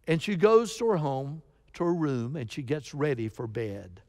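A man's voice: fairly high pitch, animated, normal speed, a little mellow. A man preaching a sermon as pastor, telling a story with sudden emphatic rises in his voice. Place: church sanctuary. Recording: long reverb of a church sanctuary.

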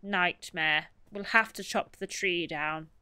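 A woman's voice: lowish voice, slow pace, sharp tone, clear, resonant tone, no room sound. A woman streaming a game, chatting casually, self-mocking and reading game text aloud. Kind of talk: casual gameplay commentary.

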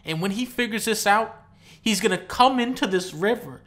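A man giving comedic gameplay commentary, profane and mocking, dropping to low mutters and then bursting into shouts. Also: moderate pace.

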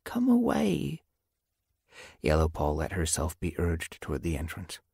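A man narrating an audiobook in a measured storytelling manner. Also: very deep voice, fairly even intonation, a little mellow, slightly rough, no echo, clean studio sound. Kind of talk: scripted narration.

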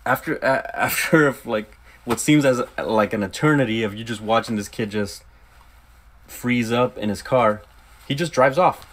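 A young man rants loosely and profanely in a casual review of a horror film. He rushes through retold scenes, slipping into quick acted quotes, and his pitch swings up sharply as he gets worked up.

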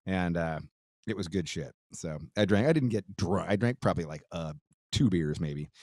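A man's voice: deep voice, animated, normal speed, a little mellow, dry recording, clean studio sound. A man hosting his podcast, chatting casually and reading a listener's letter, loose and profane, laughing easily with frequent restarts. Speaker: podcast host.

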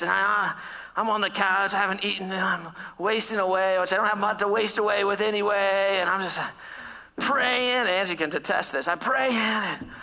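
A man in his thirties preaches in a church, telling stories about himself with an easy, self-deprecating humor and frequent laughter. His voice sits high for a man and sounds bright and forward. A long reverb from the hall trails after his words. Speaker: pastor. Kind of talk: sermon.

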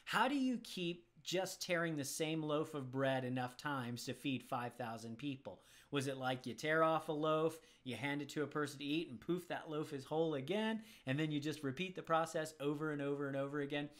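A man's voice: on the high side, normal speed, hardly any pauses, fairly bright tone. A man teaching as he answers viewer questions about the Bible, conversational and thinking aloud. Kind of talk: casual Bible Q&A.

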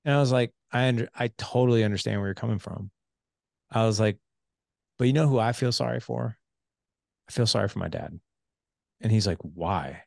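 Gravelly-voiced man telling a story. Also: fairly low pitch, brisk, pauses often, no room sound, studio quality. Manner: animated storyteller who acts out quoted dialogue. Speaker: podcast host. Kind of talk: casual storytelling conversation.

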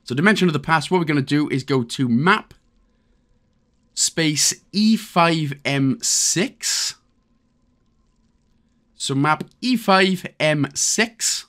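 A Welsh man talks the listener through a game walkthrough in a casual, chatty way with the odd joke thrown in. His voice sits a touch high and swings around a lot, keeping the instructions upbeat and easygoing. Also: expressive, takes it slowly, long pauses, a bit bright. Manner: chatty, jokey, step-by-step instructions. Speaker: gaming channel host.

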